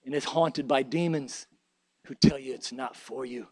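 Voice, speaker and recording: A man's voice: mid-range voice, normal speed, a little mellow, no echo, poor audio. A man preaching a sermon and leading an altar prayer, fervent and emphatic, with repeated phrases.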